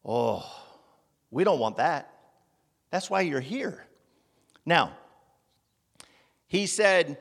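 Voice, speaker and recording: Male preacher, high and lively delivery, unhurried, long reverb of the meeting hall. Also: creaky. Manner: animated, rhetorical questions, calls on listeners by name. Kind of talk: sermon. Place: meeting room with congregation.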